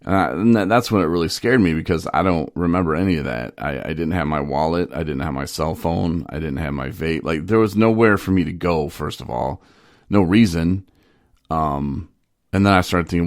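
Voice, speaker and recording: Super deep gravelly guy just talking, rambling story, dry mic. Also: moderate pace, no room sound. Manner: candid, rambling, with filler "you know". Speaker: podcast host in recovery. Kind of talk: personal storytelling monologue.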